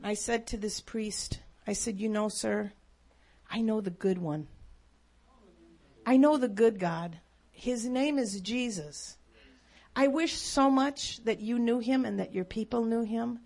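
A woman's voice: on the high side, takes it slowly, gravelly, a little mellow. A woman telling a faith story as a sermon, earnest and emphatic. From United States. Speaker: speaker.

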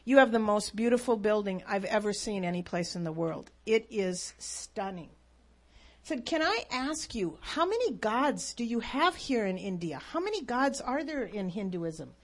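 A woman's voice: medium pitch, sing-song, a little slow. A woman telling a faith story as a sermon, earnest and emphatic. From United States. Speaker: speaker.

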